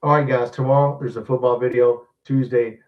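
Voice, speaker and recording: Brief: gruff man in his 60s, sports stream host, blunt, somewhat off-mic, muffled. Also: mid-range voice, little pitch movement, brisk. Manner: blunt and grumbling, swears casually. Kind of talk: casual live stream chat, reading viewer comments. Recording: dull distant mic sound.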